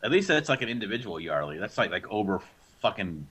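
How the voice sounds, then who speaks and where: A man's voice: on the low side, big pitch swings, fast, fairly bright tone, husky. A man co-hosting a radio chat, ranting sarcastically and swearing freely. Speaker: radio show co-host. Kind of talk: casual chat.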